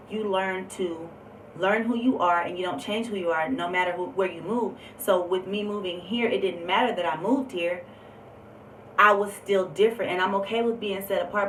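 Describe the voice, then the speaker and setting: A woman telling a personal story on a vlog, candid and emphatic, with lots of fillers. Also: mid-range voice. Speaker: vlogger. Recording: roomy echo, distant mic, faint background noise.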